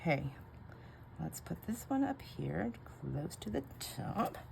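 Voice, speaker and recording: Low voice lady chatting away while crafting, rambly and giggly, hissy home recording. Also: takes it slowly, gravelly. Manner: rambling and chatty, laughs often, muses aloud. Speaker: crafting vlogger. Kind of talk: casual chatty crafting vlog. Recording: home recording with steady background noise.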